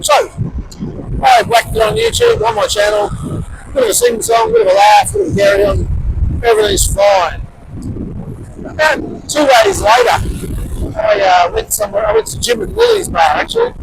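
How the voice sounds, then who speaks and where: An Australian man spins a casual, rambling yarn for his vlog, his high, gravelly voice leaping all over the place and often going loud. Clear street and traffic noise sits behind him outdoors. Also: huge pitch swings, normal speed, pauses often. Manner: chatty, rambling anecdote with loud emphatic bursts. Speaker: vlogger. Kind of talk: casual storytelling to camera.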